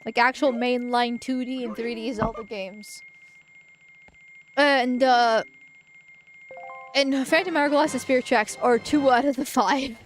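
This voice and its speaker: A woman's voice: fairly high pitch, steady tone, a little slow, pauses often, a little hiss or hum. A woman streaming a game, chatting casually in a rambling way, with frequent restarts.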